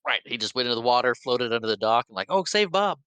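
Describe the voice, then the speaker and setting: A man's voice: mid-range voice, little pitch movement, bright, forceful tone, clean tone. A man co-hosting a movie podcast, chatting casually and laughing along. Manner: easygoing, quick to laugh along. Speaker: podcast co-host. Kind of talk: casual movie review chat.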